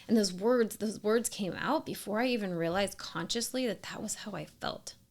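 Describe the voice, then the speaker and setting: A woman in her thirties telling her own story in scripted narration, earnest and emphatic, sometimes dropping to a soft whisper. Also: medium pitch, normal speed. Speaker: storyteller sharing a personal experience.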